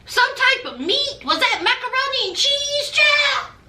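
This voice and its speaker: Sassy woman recap host, high and bright voice, roomy echo. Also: very animated, a little slow. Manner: sassy, gossipy. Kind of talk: casual chat.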